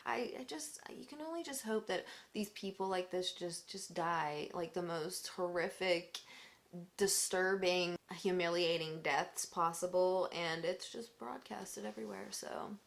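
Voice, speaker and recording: A woman's voice: fairly low pitch, a little slow, creaky. Young woman, vlogger, casual profane storytelling, heated, heavy on "like".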